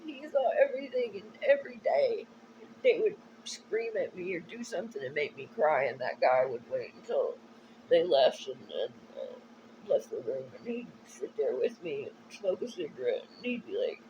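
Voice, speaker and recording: A woman in a rambling personal monologue, talking in a halting, emotional way with many restarts. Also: deep voice, sing-song, a little mellow, highs cut off, a little hiss or hum.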